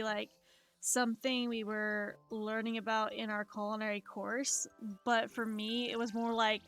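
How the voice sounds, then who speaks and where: A woman's voice: fairly high pitch, fairly bright tone. A young woman streaming live as she draws, telling long rambling stories full of "like" and "um" in casual chat. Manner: rambling storytelling, lots of "like" and "um".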